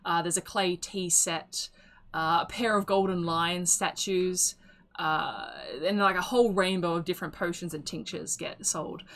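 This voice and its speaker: Bright-voiced woman game master. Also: on the low side, fairly even intonation, measured pace. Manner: chatty and loose, with many fillers and laughs. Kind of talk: narrating a tabletop game.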